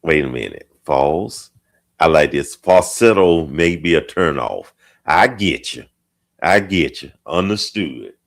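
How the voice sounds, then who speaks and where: Slow, deep-voiced man hosting a live chat. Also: lively intonation, vocal fry. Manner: slow, drawn-out, repeats phrases while reading comments. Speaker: host of a live chat show. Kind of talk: casual live-stream chat reading viewer comments.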